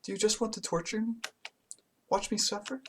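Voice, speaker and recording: A man voicing an anguished teenage girl club president, reading her lines in a tearful, pleading falsetto. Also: unhurried, a little hiss or hum. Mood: hurt accusing. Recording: loud game music under voice.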